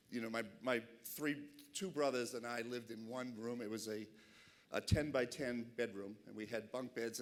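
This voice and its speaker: A middle-aged man with a Boston accent giving a passionate, chatty keynote speech at an awards dinner. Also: lowish voice. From Boston, USA. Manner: passionate, animated, chatty with asides. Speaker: keynote speaker. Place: banquet hall.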